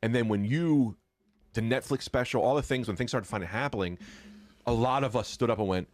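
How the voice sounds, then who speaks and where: A man appearing as a guest comedian in a casual chat, telling stories in a quick, lively way. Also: medium pitch, dry recording.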